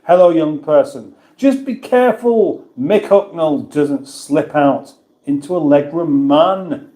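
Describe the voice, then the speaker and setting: A man from England chats casually on a livestream, reading out viewer comments and poking fun at himself. His voice sits a little high for a man, and the room around him is echoey. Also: expressive, slow, dark tone. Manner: chatty, self-mocking, reads comments aloud. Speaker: livestream host reading chat.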